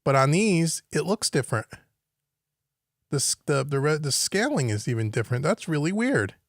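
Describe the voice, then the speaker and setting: A man's voice: on the high side, big pitch swings, moderate pace, no room sound, studio quality. A man teaching home recording on a live stream, thinking aloud as he works and puzzling over what he sees on screen. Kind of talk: live-stream software walkthrough. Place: home studio.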